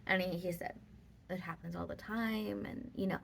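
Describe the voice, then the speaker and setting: A woman's voice: on the low side, steady tone, moderate pace, creaky, a little hiss or hum. A woman vlogger telling a personal story in casual, rambling talk with many fillers.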